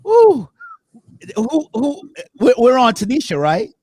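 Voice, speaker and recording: Lively high-pitched man hosting a panel. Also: slow. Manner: animated, laughing, repeats phrases for effect. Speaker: talk show host. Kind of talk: casual panel chat.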